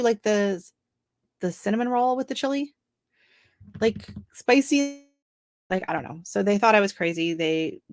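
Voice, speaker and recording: A woman's voice: medium pitch, no echo, studio quality. A middle-aged woman hosting a home gardening live stream, chatting casually and rambling through asides. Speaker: gardening channel host.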